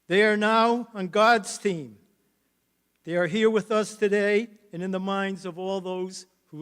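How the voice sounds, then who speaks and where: An older man, a former coach, giving a halting, emotional speech at a hall of fame induction ceremony. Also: sits high, fairly even intonation, fairly bright tone, clean tone.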